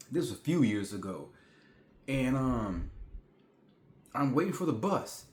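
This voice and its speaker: Guy in his 40s just chatting to the camera at home, casual, rambly, room's pretty echoey. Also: mid-range voice. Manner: chatty, repeats himself, talks straight to viewers. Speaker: vlogger. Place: indoors at home. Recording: echoey room.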